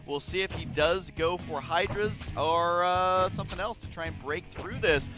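Excitable high-voiced man casting a game. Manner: excitable, jokey, often breaks into high-pitched shouts. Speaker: esports caster. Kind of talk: game commentary.

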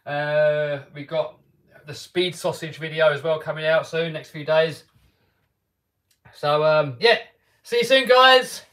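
A man's voice: on the high side, takes it slowly, pauses often, a bit bright. A man with an English accent, talking casually and upbeat to viewers on a live stream, with lots of restarts and fillers. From England. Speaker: RC car YouTuber hosting a live stream.

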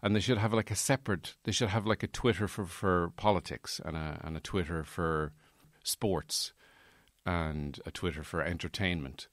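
A man hosting his own podcast, talking alone in a loose, digressive way. His voice sits low and deep. The recording is close and dry. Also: moderate pace, no echo. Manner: rambling, digressive, many fillers. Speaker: podcast host. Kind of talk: casual solo monologue.

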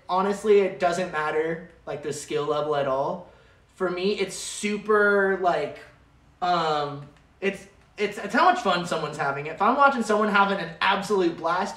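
An upbeat, chatty livestream host, rambling through fillers. The voice sits in a mid pitch and rings around an echoey room, picked up by a mic set well back. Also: fairly bright tone. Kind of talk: casual livestream chat. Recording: roomy sound from a distant mic.

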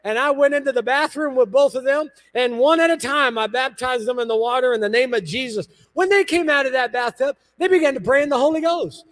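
A man, a pastor, preaching a sermon in a church, telling stories with lively emphasis and repeated phrases. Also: very high-pitched, a little fast, hardly any pauses. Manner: animated storytelling with emphatic repetition.

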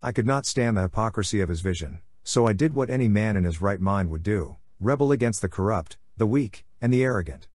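A man's voice: fairly low pitch, lively intonation, a little fast, few pauses, darkish tone, dry recording, clean studio sound. Lorgar, a man voicing a sneering silver-tongued warlord. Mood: scornful. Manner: smooth, sarcastic, flares into fury. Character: scheming silver-tongued male warlord, mocking and bitter. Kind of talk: audiobook character voice.

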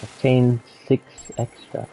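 Gravelly man in casual gameplay commentary. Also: mid-range voice, little pitch movement, takes it slowly, mellow, slight background noise. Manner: casual, reacts aloud, swears, reads in-game text. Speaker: gaming streamer. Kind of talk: let's play commentary.

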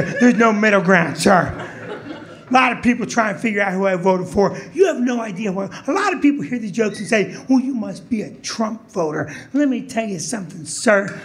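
A man doing a stand-up comedy set in a comedy club, shouting his punchlines in a loud, punchy voice. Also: high voice, expressive, fairly quick.

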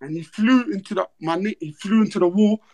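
A man hosting a livestream, retelling events in fast, slangy, repetitive chat. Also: high voice, darkish tone. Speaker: livestream host. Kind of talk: animated storytelling on a livestream.

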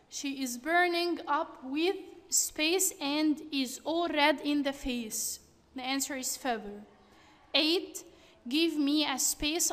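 Slow-reading woman teacher, echoey room. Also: high-pitched, a bit bright. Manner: slow, deliberate reading of answers. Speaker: English teacher. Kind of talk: reading workbook exercises aloud.

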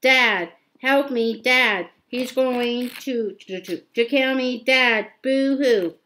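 A woman's voice: a little high, sharp tone, rough recording. A woman voicing a boastful, sneering teenage boy bully as she reads a story aloud, stumbling over words. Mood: taunting. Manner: halting, repeats words.

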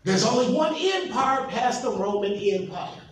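A pastor preaching a sermon, emphatic and asking the congregation questions. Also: male voice, high-pitched, animated, unhurried. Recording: echoey hall from far off, faint noise.

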